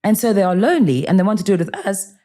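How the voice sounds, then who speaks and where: A woman in her forties, a podcast guest telling stories in casual interview talk, animated and acting out bits of dialogue. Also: medium pitch, racing. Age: 40s.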